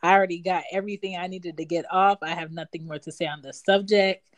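A woman co-hosting a podcast, with a slightly low voice, tells animated stories and laughs often. The sound is dry and close. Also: fast, dry recording. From moved to Atlanta as a teen. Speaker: podcast co-host. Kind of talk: casual chat.

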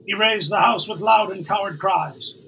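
A blunt, loyal nobleman , played by a man, speaks plainly and earnestly in a voice that sits high for a man. A clear hiss runs under the recording. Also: normal speed, pushed and bright, full character voice, poor audio.

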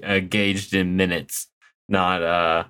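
A man's voice: low voice, flat delivery, slow pace, bright, forceful tone, clear, resonant tone. A man hosting a podcast in casual chat, easygoing and rambling a little as he explains things. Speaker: podcast host.

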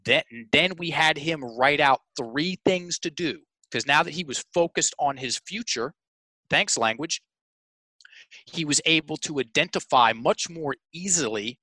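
Speaking as a coach in a storytelling interview, this man's slightly high voice comes across bright and forceful. He focuses on sales and mindset, recounts stories emphatically, says "folks" to his audience, and keeps restarting. The audio is poor, with no room sound.

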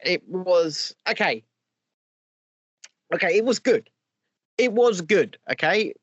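A man's voice: sits high, expressive, takes it slowly, no echo, dull audio. A man hosting a casual chat, blunt and opinionated. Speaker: host.

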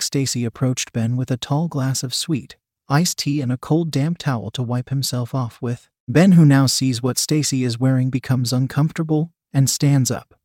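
A man narrating an adult audio story in a plain, steady reading voice. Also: medium pitch, moderate pace, no echo, clean studio sound. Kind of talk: reading an erotic story aloud.

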